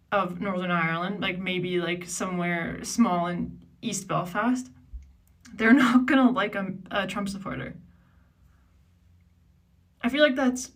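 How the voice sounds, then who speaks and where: A woman's voice: mid-range voice, a bit bright, recorded from a distance. A woman from Canada giving casual reaction commentary, blunt and exasperated, with lots of "like" fillers.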